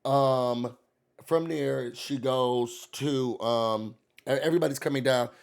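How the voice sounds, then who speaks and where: A man's voice: medium pitch, takes it slowly, creaky, smooth. A man hosting a casual, gossipy recap rant, acting out quoted voices. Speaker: YouTube recap host.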